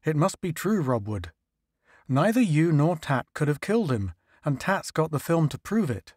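A man voicing a troubled male spaceship astrogator in a low, subdued tone. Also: big pitch swings, moderate pace, darkish tone, no room sound, studio quality. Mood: insistent.

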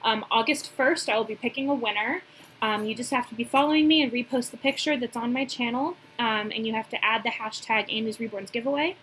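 A young woman with a lilt talks through a casual haul vlog in a bright, slightly high voice. She gushes and fills her pauses with "um". A faint hiss sits under the recording. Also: poor audio. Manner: chatty, gushing, many "um"s. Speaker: reborn doll collector showing a haul.

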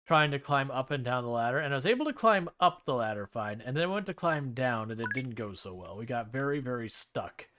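Streaming a game, a man talks briskly with hardly any pauses in a mid-range voice. The chat is casual and wry, and he thinks aloud in a relaxed way while playing.

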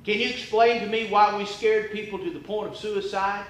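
Fiery high-voiced preacher, echoing church. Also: male voice, steady tone, normal speed. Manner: impassioned, rhetorical questions, swings from hushed to near-shouting. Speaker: evangelist preacher. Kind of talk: sermon. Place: church auditorium. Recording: echoey church room with faint ambience.

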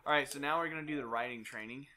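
A man's voice: medium pitch, racing, background noise. A man hosting a let's play, planning the next steps aloud, joking and swearing casually. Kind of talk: casual gaming commentary.

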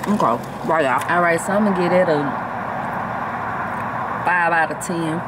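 A woman's voice: lowish voice, normal speed, heavy background noise. A woman with a Southern country accent chatting bluntly and jokingly in a casual vlog from a parked car, eating while she talks. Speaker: vlogger.

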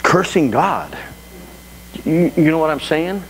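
A man preaching a sermon as pastor to a live congregation, talking in an animated way with frequent restarts. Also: a little high, takes it slowly. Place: church sanctuary before a congregation. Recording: echoey church hall with faint hum.

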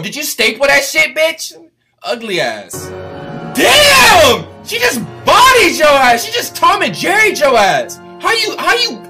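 A man doing loud, profane, mocking comedy commentary over a cartoon, with light music behind him. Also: very high voice.

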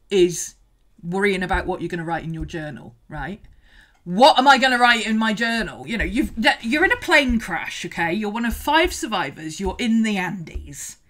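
A woman's voice: medium pitch, fairly bright tone. A woman hosting a casual art livestream, chatting and greeting viewers, laughing often. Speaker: art teacher and livestream host.

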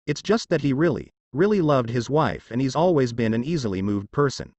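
A man's voice: mid-range voice, animated, a little fast, darkish tone, no room sound, dull audio, natural voice. A man voicing an earnest, scheming male soldier strategist in a fan story reading. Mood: pleading.

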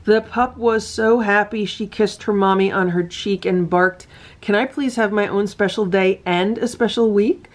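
Gentle woman reading a storybook aloud. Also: medium pitch, unhurried. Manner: gentle, sing-song, pointing things out with excitement. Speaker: storyteller reading a picture book to her cats. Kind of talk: storybook read-aloud with asides.

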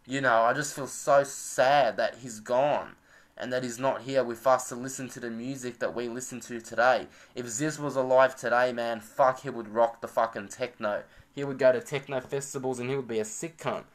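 A man's voice: medium pitch, fairly even intonation, moderate pace. A young man rambling in a mournful, profane reaction vlog. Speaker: vlogger.

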